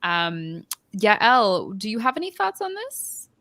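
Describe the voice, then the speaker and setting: A woman moderating a panel discussion, friendly and brisk as she hands questions to the guests. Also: medium pitch, very animated, bright, forceful tone, dry recording.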